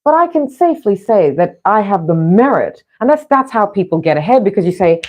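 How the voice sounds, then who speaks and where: A woman's voice: mid-range voice, big pitch swings, fairly quick, few pauses, a little mellow. A middle-aged woman vlogger chatting casually in a rambling way, with frequent restarts. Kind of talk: casual chat.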